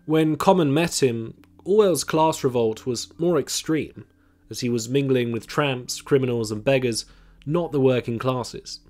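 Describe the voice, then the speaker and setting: Measured male documentary narrator. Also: medium pitch, darkish tone. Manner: measured, reads quotations aloud. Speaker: history channel narrator.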